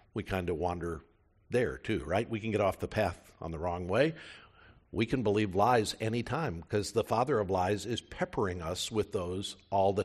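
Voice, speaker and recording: A man preaching a sermon as a pastor, speaking in a conversational way, addressing listeners directly with rhetorical questions. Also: on the low side.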